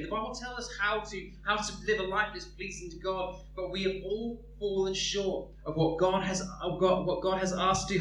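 A man preaching a sermon in an earnest way, often repeating words as he searches for phrasing. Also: high-pitched. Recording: echoey room, distant mic, faint hum.

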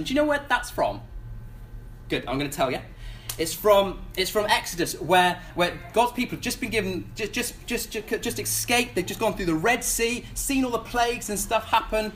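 A preacher talks through a sermon in an easygoing, conversational way, often restarting words and asking the congregation questions. The voice sits at a middle pitch. A faint hiss of noise runs under the recording. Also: animated, moderate pace.

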